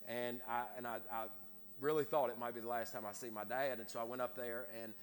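Speaking a little fast in a mid-range voice with fairly even intonation, a man shares a personal story from the pulpit of a church sanctuary. His words often repeat and stammer into restarts, echoing through a reverberant hall with faint noise.

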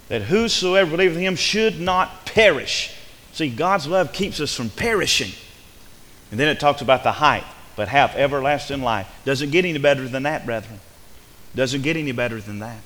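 A male pastor preaching a sermon in a church sanctuary, swinging from fervent, emphatic passages down to soft, quiet ones. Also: medium pitch. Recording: reverberant hall with faint hiss.

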